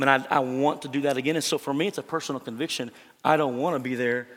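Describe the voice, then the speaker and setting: Earnest male pastor in a reverberant hall. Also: mid-range voice. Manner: earnest, conversational preaching with fillers. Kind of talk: sermon.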